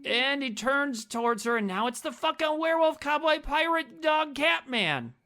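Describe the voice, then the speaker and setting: A man's voice: very high-pitched, very animated, moderate pace, bright, forceful tone. A man co-hosting a casual movie-review podcast, swearing freely and laughing often. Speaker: podcast co-host.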